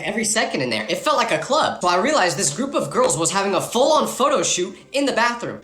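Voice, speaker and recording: A young man telling comedic stories in a fast, animated monologue with exaggerated asides. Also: fairly high pitch, echoey room. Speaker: storyteller.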